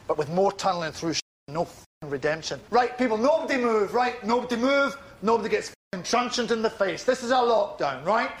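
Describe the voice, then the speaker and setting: A woman's voice: mid-range voice, expressive, brisk, voice pushed up, lightly acted. A woman putting on a furious, foul-mouthed male spin doctor who barks orders and swears. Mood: ranting. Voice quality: sweary, barking.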